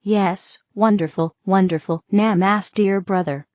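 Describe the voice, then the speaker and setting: A woman's voice: mid-range voice, steady tone, unhurried, a little mellow, no echo, lightly acted. A woman voicing a serene, reassuring female spirit teacher who keeps saying "you see", in a dull, dry recording. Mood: soothing.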